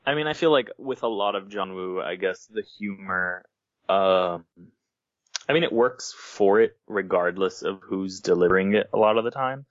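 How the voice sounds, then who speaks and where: A man's voice: deep voice, moderate pace, no echo, dull audio. A man co-hosting a casual movie podcast, jokey and emphatic in his opinions. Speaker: podcast co-host.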